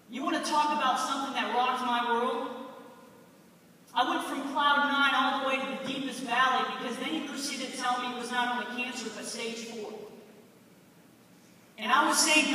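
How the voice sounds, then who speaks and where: A man's voice: very high-pitched, steady tone, normal speed, sharp tone. A young man giving an earnest, emotional personal testimony as a chapel speaker. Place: large chapel hall. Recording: echoey hall from far off.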